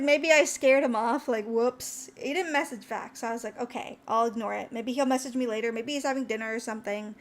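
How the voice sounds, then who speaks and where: A young VTuber streamer tells a long, chatty story, sounding tired. She acts out people's lines and her pitch jumps when she gets excited.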